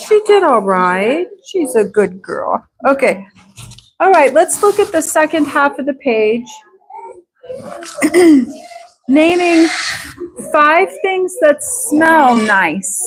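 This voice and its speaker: Patient woman teaching English, unhurried and clear, faint hiss behind. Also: high voice, very animated. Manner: slow, patient, drawn-out repetition of words. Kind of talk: live online English class.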